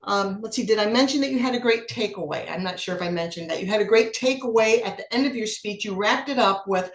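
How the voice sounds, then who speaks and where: A woman's voice: medium pitch, fast, few pauses, roomy sound. A woman acting as general evaluator at a speaking club meeting, giving encouraging feedback on a speech. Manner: encouraging, apologetic when corrected.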